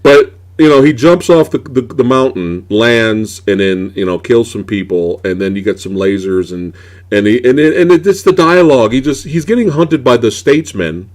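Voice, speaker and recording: A male host in a loose movie chat, his pitch swinging widely as he rants. He swears freely and sounds exasperated, and he piles on restarts and asides. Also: lively intonation, normal speed, darkish tone. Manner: ranting, profane, exasperated. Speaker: podcast host. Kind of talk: casual movie review chat.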